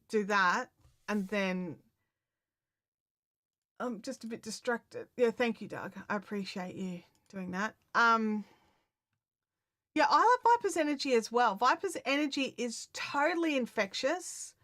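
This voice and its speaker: A woman chatting casually to her viewers on a live stream, excitable and full of fillers and restarts. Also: medium pitch, no echo, studio quality. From Australia.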